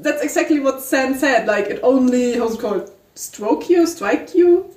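Giggly woman co-writer, high voice, roomy distant sound. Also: normal speed. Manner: giggly, animated. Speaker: co-writer reading a story. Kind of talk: casual chat. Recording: roomy echo, distant mic.

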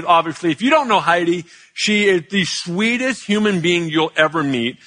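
Male preacher, storytelling sermon, jokey and animated, bright high voice. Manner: animated, chatty, joking with the congregation. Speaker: pastor.

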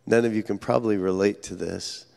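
A man preaching a sermon as pastor, telling stories earnestly with dramatic pauses. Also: on the low side, steady tone, vocal fry, warm tone. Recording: echoey hall reverb.

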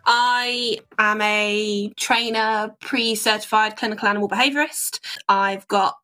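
Woman, mid pitch, interview guest, animal behaviourist, friendly informative answers. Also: steady tone, a little slow, bright, forceful tone.

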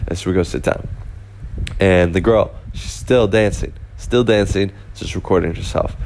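A man's voice: low voice, normal speed, darkish tone, slight background noise. A young man casually telling a rambling story, full of fillers and restarts. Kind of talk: casual anecdote.

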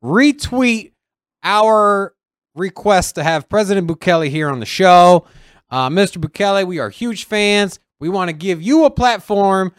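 A man co-hosting a podcast in casual chat, animated and acting out other people's lines as he tells a story. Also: high-pitched, a little slow, no room sound, clean studio sound. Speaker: podcast co-host.

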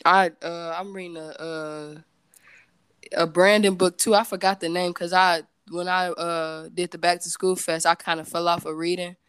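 Smooth-voiced woman chatting candidly. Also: fairly low pitch, little pitch movement, moderate pace, a bit bright, no echo. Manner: rambling, loose and candid, with many fillers and self-corrections. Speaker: podcast guest, entrepreneur and singer. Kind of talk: casual chat.

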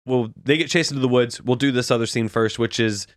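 A man's voice: medium pitch, fairly quick, no echo, clean studio sound. A man co-hosting a podcast, eagerly recapping scenes in casual chat and swearing freely. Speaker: podcast co-host.

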